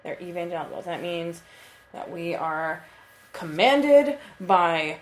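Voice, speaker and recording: A woman's voice: lowish voice, animated, slow. A woman in her twenties co-hosting a casual podcast chat, telling a story in a chatty way and swearing freely. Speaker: podcast co-host. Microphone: computer mic.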